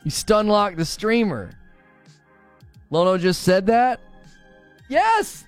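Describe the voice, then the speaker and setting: High, lively streamer man. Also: slow pace, pauses often, clean tone, faint music behind. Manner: animated, argumentative, laughs often. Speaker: livestream host. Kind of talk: casual live-stream chat.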